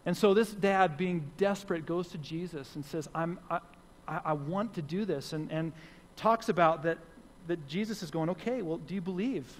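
In a church sanctuary with long hall reverb, a man whose voice sits on the high side preaches at a normal pace. He's the pastor, earnest in tone and returning to key phrases again and again for emphasis.

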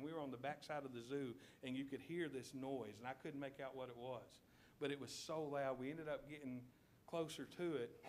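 A man preaching a sermon in a church, telling a story with lively checks of the congregation. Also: a little high, a little hiss or hum. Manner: animated storytelling, addresses congregation with "okay?". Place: church sanctuary.

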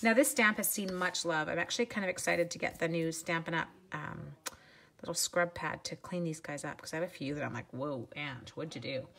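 A woman's voice: fairly low pitch, a little fast, creaky, pushed and bright. Chatty woman demoing crafts live. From Canada. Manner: chatty, upbeat, talks to viewers while working. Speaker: craft demonstrator. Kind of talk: casual live craft demo.

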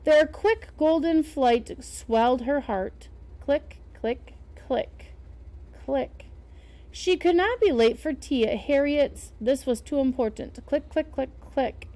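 A woman reading a picture book aloud and pausing to explain the pictures to young listeners. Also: high-pitched, warm tone. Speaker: storyteller.

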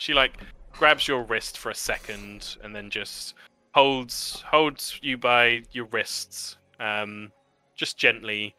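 Bright, crisp game-master man. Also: medium pitch. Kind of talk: narrating a tabletop game.

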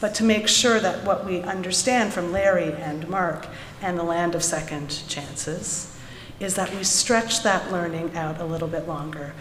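A woman reading a children's story aloud in an animated way at a service, then drawing a lesson from it for the congregation. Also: lowish voice, measured pace, a little hiss or hum. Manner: animated storytelling, lively voices for characters. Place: large sanctuary. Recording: echoey hall, from a room mic.

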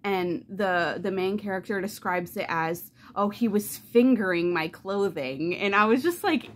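A woman chatting casually in a reading vlog, animated and loose, swearing freely and saying "like" constantly. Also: mid-range voice, measured pace. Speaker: book vlogger.

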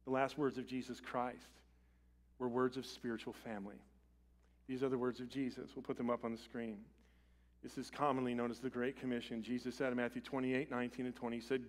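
A man preaching a sermon as pastor in a church, swinging from loud urgent appeals to quiet, intimate lines. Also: mid-range voice, level tone, brisk. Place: church sanctuary.

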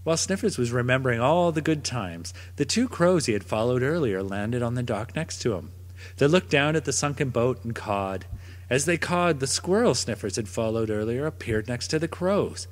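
A man reading a children's picture book aloud in a gentle, expressive storytelling manner. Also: mid-range voice, normal speed. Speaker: storybook narrator. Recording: long reverb.

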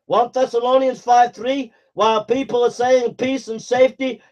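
A man preaching a fiery sermon, calling listeners to repent with forceful, repetitive exhortations and shouted commands. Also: extremely high pitch. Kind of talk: fiery street-style sermon. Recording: dull lo-fi recording.

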